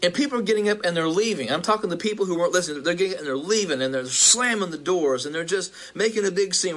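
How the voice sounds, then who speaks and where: A male preacher recounting a vision, halting with restarts and building in intensity. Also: sits high, a bit bright.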